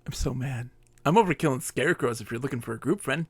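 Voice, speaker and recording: A man's voice: mid-range voice, quick pace, slightly rough, no room sound. A man streaming a game live, chatting and joking in character with playful, mock-dramatic rants.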